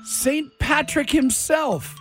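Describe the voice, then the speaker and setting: A man's voice: extremely high pitch, slow pace. A man hosting a casual radio show, joking and running a quiz with his co-hosts. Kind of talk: casual morning radio banter. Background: music bed.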